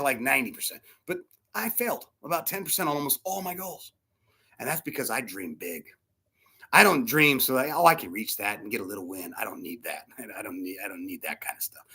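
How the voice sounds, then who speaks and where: A middle-aged man preaching a sermon as a pastor, animated and acting out the voices of people in his stories. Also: medium pitch, slightly rough.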